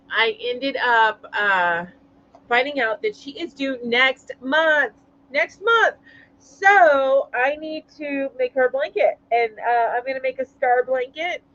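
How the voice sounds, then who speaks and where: A woman with a high voice hosts a relaxed live chat, greeting viewers one after another and laughing easily between thoughts. The audio is somewhat dull and lo-fi. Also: slight background noise. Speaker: livestream host.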